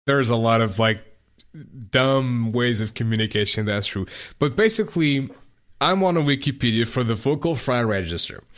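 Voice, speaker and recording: A man's voice: medium pitch, moderate pace, a bit bright. A young man co-hosting a podcast in casual chat, rambling and tripping over his words. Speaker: podcast co-host.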